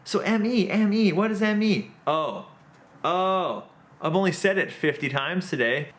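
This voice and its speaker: A man hosting his own video, recapping a puzzle in an excitable, self-mocking way. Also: high-pitched, unhurried. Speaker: magician and comedian host. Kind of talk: animated storytelling recap.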